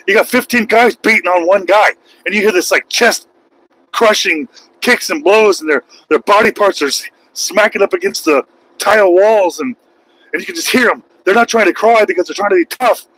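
A man in his forties, raised in Los Angeles, delivers a casual vlog monologue in a voice pitched higher than most men's. He talks with heated emphasis, circling back to repeat his key lines. The tone stays unscripted and conversational throughout. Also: fairly bright tone, husky, rough recording. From Los Angeles, USA. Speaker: truck driver and channel host.

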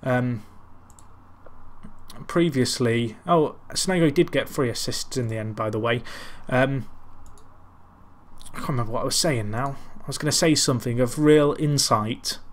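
A man's voice: mid-range voice, moderate pace, long pauses. A man casually commentating on his football management game, rambling and self-deprecating while calling the match like a commentator. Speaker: gaming commentator. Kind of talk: casual Let's Play commentary.

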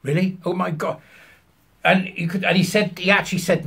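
A man, hosting a casual solo show from home, rambling along with wry asides in a husky voice. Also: high voice, steady tone, fairly quick, fairly bright tone. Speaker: host. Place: alone at home early morning.

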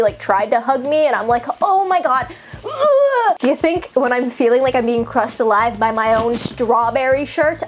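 A woman's voice: a little high, a little hiss or hum. A young woman talking casually to camera in a chatty, self-mocking way, full of "like". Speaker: vlogger.

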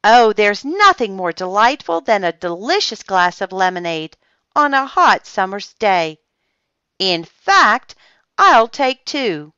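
A woman's voice: mid-range voice, big pitch swings, takes it slowly, pushed and bright, smooth, no room sound, pitched above the performer's own voice, full character voice. Casting: woman playing a gushing, genteel older neighbor lady, storybook voice, dry muffled sound. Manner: gushing, then sputtering.

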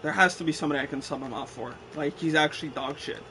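A man's voice: on the high side, fast, bright, forceful tone. A young man giving frustrated gameplay commentary, swearing, ranting and mocking himself sarcastically. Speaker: gaming YouTuber.

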